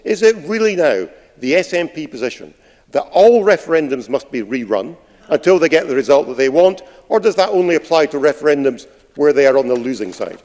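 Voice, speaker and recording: An opposition politician, a man, pressing a minister with pointed, sarcastic questions in formal parliamentary language. His voice is a little high for a man. The large chamber adds a long reverb to his speech. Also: animated, brisk, darkish tone.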